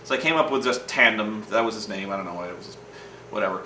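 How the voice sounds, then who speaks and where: Brief: male storyteller, crisp bright tone, sweary and digressive, mic set back, faint hum. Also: on the low side, fast. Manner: rambling, profane, acts out quoted lines. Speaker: host telling gaming stories. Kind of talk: casual storytelling monologue. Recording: roomy echo from a distant mic.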